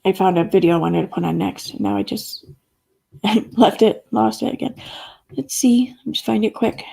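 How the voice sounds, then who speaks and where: A woman's voice: mid-range voice, moderate pace, gravelly, mellow, breathy edge. A woman hosting a casual livestream, rambling and reading chat comments aloud, with the odd curse word. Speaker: livestream host.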